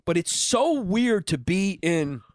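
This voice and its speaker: A man co-hosting a podcast, musing in a relaxed, crude way. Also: sits high, dry recording, studio quality. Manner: crude, laid-back, drawn-out musing. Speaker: podcast co-host. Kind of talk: casual chat.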